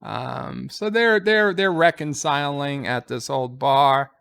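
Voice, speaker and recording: A man's voice: mid-range voice, slow pace, vocal fry, fairly bright tone, clear, resonant tone. A man casually recapping a TV episode as a reviewer, rambling with fillers and quoting lines.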